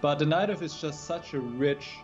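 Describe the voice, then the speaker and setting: A man's voice: fairly high pitch, normal speed, muffled recording, soft background music. A chess grandmaster on a livestream, explaining his moves patiently in casual chat, often restarting his sentences.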